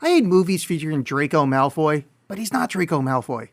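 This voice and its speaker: Podcast co-host, male, higher pitch, rambling and excitable. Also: a little fast, gravelly. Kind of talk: casual chat.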